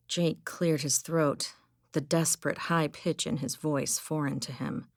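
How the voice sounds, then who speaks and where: A woman reads an audiobook aloud in a measured, even storytelling manner. Her voice sits low with a gravelly edge, recorded close and dry. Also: dry recording. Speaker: audiobook narrator. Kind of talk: scripted narration. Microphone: close studio mic.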